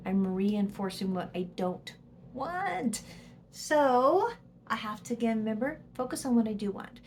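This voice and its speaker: Talking to camera in a casual educational style, this psychologist-presenter has a slightly high, animated voice and a somewhat slow pace, with a little hiss or hum in the audio. She uses examples to explain and whispers when voicing the inner voice.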